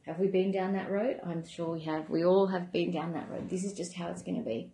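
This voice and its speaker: A woman wellness coach giving a calm, gentle self-help talk in a conversational way. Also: lowish voice, brisk, slight background noise. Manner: calm, gentle, conversational, with many "you know" asides. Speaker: wellness coach running a membership program. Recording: echoey room.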